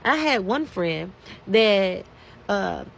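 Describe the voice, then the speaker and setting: A woman's voice: medium pitch, big pitch swings, drawn-out words, creaky, slight background noise. A woman, delivering an angry, profane rant to her followers. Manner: heated, profane, emphatic. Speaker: social media commentator. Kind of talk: angry ranting monologue.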